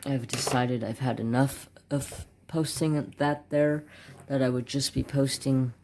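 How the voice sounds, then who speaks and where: Gravelly man rambling over his crafts. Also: medium pitch, steady tone, a little slow, darkish tone, a little hiss or hum. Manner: rambling, joking, with muttered asides. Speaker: craft channel host. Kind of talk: casual chat while swatching markers.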